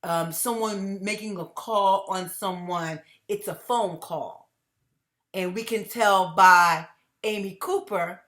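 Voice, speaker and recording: A middle-aged woman speaking straight to her viewers. She talks emphatically, circles back over her phrases and laughs between her points. Her pitch sits in an ordinary middle range for a woman. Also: takes it slowly, a bit bright. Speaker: host of a commentary channel. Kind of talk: personal commentary to viewers.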